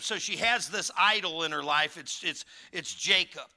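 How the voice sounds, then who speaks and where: A man's voice: a little high, normal speed, few pauses, bright, forceful tone. A pastor preaching a sermon in a church, folksy and emphatic, building in fervor as he teaches. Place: church sanctuary.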